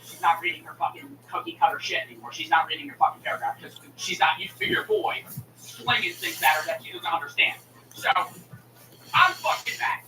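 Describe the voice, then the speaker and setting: A man's voice: on the high side, expressive, quick pace, sharp tone, distant mic. A young adult man, a streamer, telling a heated, profane story to the camera with indignant complaints. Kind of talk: angry storytelling rant to camera. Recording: roomy, from off the mic, faint noise.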